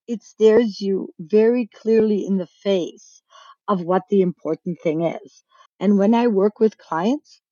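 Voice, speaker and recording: A woman's voice: mid-range voice, warm tone, no room sound. Frank woman coach, dull lo-fi sound. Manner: frank, emphatic, persuasive. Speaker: business coach and author. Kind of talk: podcast interview answers.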